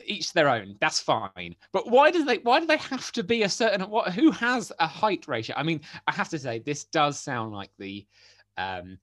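Lively ranting young man, dry sound. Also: a little high, moderate pace, dry recording. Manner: animated, ranting, incredulous. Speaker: podcast co-host. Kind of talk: casual chat. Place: home in Exeter.

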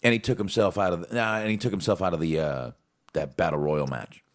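A man's voice: sits low, brisk. A man co-hosting a casual podcast, rambling and swearing as he recaps wrestling shows. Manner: profane, animated, rambling with fillers. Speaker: podcast co-host.

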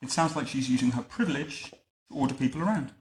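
A man reading a picture book aloud to a child at home, adding wry, deadpan comments between the lines. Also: mid-range voice, fast talker, slight background noise. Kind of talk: bedtime story reading with joking asides. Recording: roomy echo.

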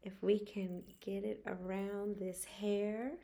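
Woman host, slow and heartfelt, livestream chat. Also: medium pitch, little pitch movement, vocal fry. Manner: warm, emotional, drawls words out. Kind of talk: casual livestream talk.

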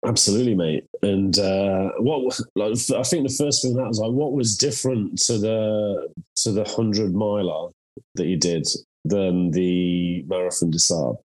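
Deep-voiced English podcast host. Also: male voice, unhurried. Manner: relaxed, swearing, many fillers. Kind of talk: casual podcast chat.

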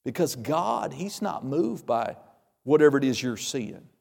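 A pastor preaching a sermon, telling stories and acting out the voices of the people in them, with emphatic delivery. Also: male voice, mid-range voice, lively intonation, unhurried, creaky, a little mellow, long reverb tail. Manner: storytelling, acts out quoted voices, emphatic.

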